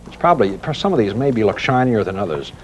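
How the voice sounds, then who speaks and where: Brief: middle-aged male how-to host, lively folksy delivery, faint old VHS hiss. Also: on the low side, fast talker, rough recording. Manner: chatty, teasing, homespun explaining. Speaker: home improvement show host.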